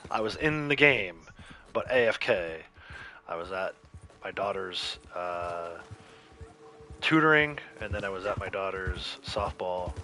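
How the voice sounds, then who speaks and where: A man's voice: sits low, lively intonation, a little slow, pushed and bright, soft background music. A man hosting a casual gaming livestream, rambling and laid-back as he chats with viewers, his throat a bit scratchy from coughing. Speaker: livestream host.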